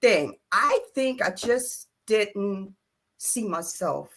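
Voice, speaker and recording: An older woman, a guest on an interview show, telling a personal story in an animated way, acting out the quoted lines of other people with laughs and emphasis. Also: mid-range voice, very slow.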